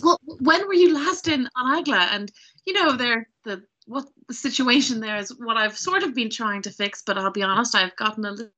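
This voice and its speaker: A woman's voice: a little high, animated, normal speed, bright, forceful tone, voice pushed up. A woman playing an earnest half-elf adventurer. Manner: earnest and rambling. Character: young adult female half-elf adventurer.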